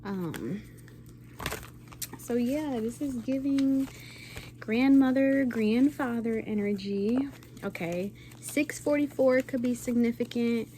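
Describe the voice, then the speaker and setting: A woman's voice: a little high, takes it slowly, warm tone, slight background noise. A woman giving a casual, rambling intuitive tarot reading to viewers, often checking in with "okay?". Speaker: tarot reader.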